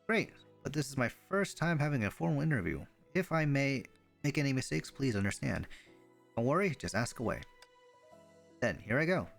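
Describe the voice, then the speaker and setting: A man reading the part of an eager young woman fan who poses as an intern reporter, gushing and excitable. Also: medium pitch, normal speed, creaky, faint music behind, voice pushed up. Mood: excited.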